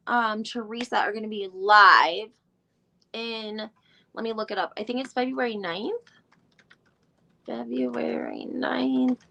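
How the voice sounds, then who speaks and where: A woman with a slightly high voice chats her way through a live stream recap. She rambles, thinks aloud while she searches for details, and drops in fillers and the odd curse word. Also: pushed and bright. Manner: mild swearing, frequent fillers. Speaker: podcast host doing a live recap. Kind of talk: casual live-stream chat.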